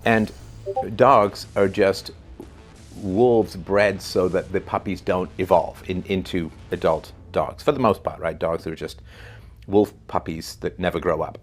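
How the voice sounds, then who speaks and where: Deep-voiced man musing over faint music. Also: steady tone, a little slow. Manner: conversational and musing, with many fillers and rhetorical "right?". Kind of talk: unscripted spoken commentary.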